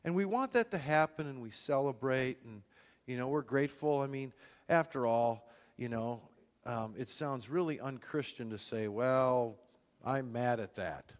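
A man's voice: mid-range voice, expressive, normal speed, big-room sound. A man preaching a sermon, retelling a parable in plain everyday words and voicing its characters. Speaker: pastor.

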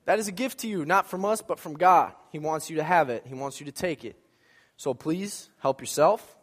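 Animated male preacher in a reverberant church. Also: fairly high pitch, normal speed. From American Midwest. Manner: animated storytelling, acts out voices, jokes with congregation. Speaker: pastor. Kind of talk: sermon. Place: church sanctuary.

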